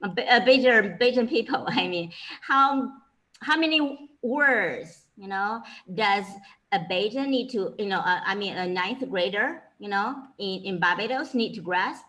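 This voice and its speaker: A woman's voice: mid-range voice, animated, measured pace, a bit bright, rough recording. A woman with a Chinese accent, a Chinese language teacher giving an informal lecture, filling her talk with "you know" and "okay".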